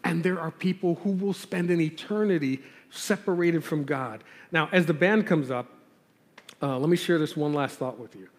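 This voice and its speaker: A man's voice: fairly high pitch, moderate pace. A male pastor preaching a sermon in a conversational, earnest way, pressing hard on key words. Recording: long hall reverb.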